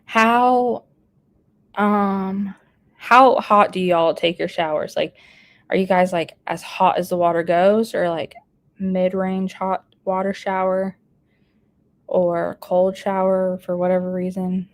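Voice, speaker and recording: A woman's voice: medium pitch, little pitch movement, slow. A woman hosting a casual live stream, chatting and laughing as she reads out viewer comments. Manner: chatty, laughs often while reading comments aloud. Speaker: live streamer reading chat.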